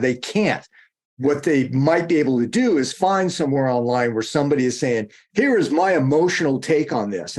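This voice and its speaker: A man's voice: medium pitch, a little mellow. A man speaking as a guest in a casual interview, rambling and digressive, often restarting and correcting himself mid-sentence.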